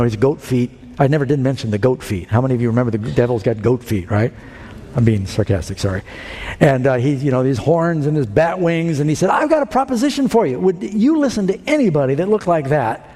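A man's voice: on the high side, mellow. Emphatic male preacher in a reverberant hall. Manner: emphatic preaching, rising on key phrases. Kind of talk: sermon.

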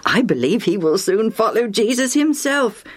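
A woman doing gentle, welcoming Mister Legion. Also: on the high side, lively intonation, moderate pace, over music, pitched above the performer's own voice, close to an everyday voice. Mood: warm. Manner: soft and hospitable. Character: kind, welcoming male host, gentle friend.

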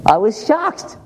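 A man's voice: long reverb tail, a little hiss or hum, low-quality recording. A man pastor preaching a sermon, telling a personal story in an earnest way with quoted dialogue and rhetorical questions.

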